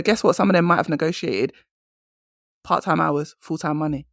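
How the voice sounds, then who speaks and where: A woman's voice: low voice, fairly even intonation, brisk, no room sound, clean studio sound. Emphatic woman coaching. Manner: emphatic, storytelling, conversational. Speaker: career coach, podcast host. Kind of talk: solo podcast monologue.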